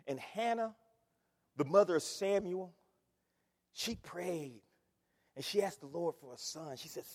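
An older man preaching an impassioned sermon, swinging from shouting to hushed tones. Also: high voice, lively intonation, a little slow, slightly rough, in a large hall.

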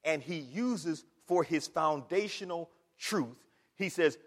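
A man with a high voice delivers a sermon from a church pulpit. He preaches emphatically, stacking repeated words and rhetorical questions. His voice rings with a long reverb through the sanctuary. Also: lively intonation, slow. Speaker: pastor.

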